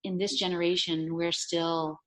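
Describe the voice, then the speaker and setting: A woman's voice: lowish voice, flat delivery, a little slow. A woman in her forties, an author guest, telling a story animatedly and acting out the quoted voices. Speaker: guest, women's health author. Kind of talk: storytelling in an interview.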